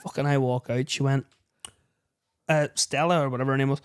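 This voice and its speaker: A man's voice: medium pitch, fairly quick, long pauses, smooth. A man, co-hosting a podcast and telling comic stories with lots of swearing, laughter and acted-out voices. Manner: animated anecdote-telling, heavy swearing, laughs mid-story, acts out others' lines. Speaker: podcast co-host. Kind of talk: casual chat, comic storytelling.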